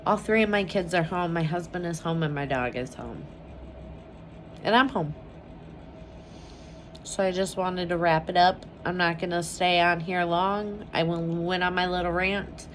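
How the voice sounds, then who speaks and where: A mother speaks candidly to her camera at home, her voice sitting a little low and moving at a slow, unhurried pace. She is open and emotional, leaning on filler words and casual swearing as she talks. A faint hiss of noise hangs behind her. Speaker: mother vlogging about her family. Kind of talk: casual personal vlog chat.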